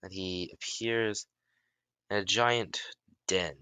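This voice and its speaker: A man improvising a fan story in halting narration, often restarting his sentences and shouting out the characters' lines. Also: deep voice, steady tone, clean tone, dry recording. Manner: halting, many restarts and self-corrections; bursts into loud shouts for dialogue.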